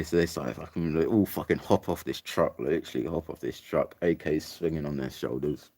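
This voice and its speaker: A young Englishman with an extremely low, darkish voice talks briskly, recorded dry with no echo. He's casually rambling through a sweary anecdote about a trip, peppering it with "like" and "mate."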